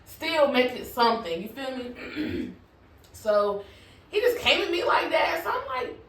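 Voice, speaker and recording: A fairly high-voiced woman tells a storytime tale to her channel in a loose, conversational way, swearing freely and checking in with "you feel me." Her voice is set back from the mic, and the room around her rings with echo. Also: sing-song, normal speed, fairly bright tone. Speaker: vlogger. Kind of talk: casual storytime. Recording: echoey room, voice from a distance from the mic.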